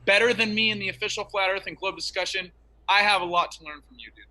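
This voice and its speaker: A man's voice: high-pitched, steady tone, fast talker, sharp tone. A man arguing in an online debate, insistent and preachy as he makes his case.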